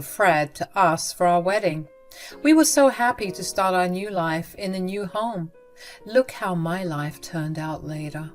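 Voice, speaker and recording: A woman reading a first-person story aloud in a steady, measured way. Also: fairly low pitch. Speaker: story narrator. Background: faint background music.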